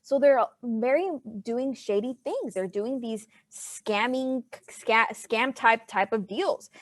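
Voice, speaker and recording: A woman's voice: a little high, takes it slowly, no echo. A woman history teacher giving an online class lecture over a video call, chatty and playful with her students.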